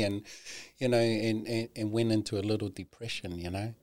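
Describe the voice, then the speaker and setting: A male guest with a very low, slightly mellow voice tells his own story candidly, in an earnest and unpolished way, with fairly even intonation at normal speed. He swears freely and keeps looping back with "you know" and false starts. The sound is dry and close, with no room around it.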